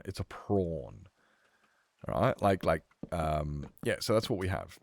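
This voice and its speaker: Aussie bloke rambling to his stream chat, kinda low voice, dry close sound. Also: sing-song, slow, vocal fry, dry recording. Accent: Australian. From Australia. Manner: rambling, chatty, many fillers and restarts. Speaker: game streamer. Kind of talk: casual stream chat reading chat.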